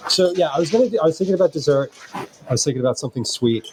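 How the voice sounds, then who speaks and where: A man's voice: on the high side, expressive, racing, noisy background. A man competing as a home cook, talking casually on a livestream about his charity and dish, with laughs and restarts. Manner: chatty, laughing, self-correcting. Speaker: cooking contestant.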